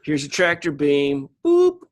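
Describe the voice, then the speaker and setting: A man co-hosting a podcast, recapping a show episode with crude jokes and quick voices for the characters. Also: medium pitch, vocal fry, a bit bright. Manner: jokey, acts out characters in quick asides. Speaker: podcast co-host.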